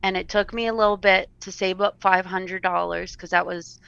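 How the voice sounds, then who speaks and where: A woman's voice: mid-range voice, steady tone, creaky, a bit bright, no room sound, lo-fi sound. A woman telling her personal story as an interview guest, earnest and sometimes close to tears. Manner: earnest, tearful at times, quick laughs.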